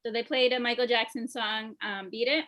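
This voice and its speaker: A young woman performs a stand-up set over a video call, her voice high and bright. She keeps breaking into giggles at her own punchlines. The sound comes through a home computer mic. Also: fairly even intonation, fairly quick. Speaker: stand-up comedian.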